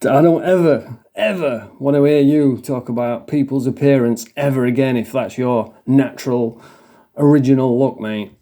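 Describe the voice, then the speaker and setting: A man's voice: mid-range voice, moderate pace, warm tone. A man from England reacting to clips with crude, mocking casual commentary, swearing and laughing often.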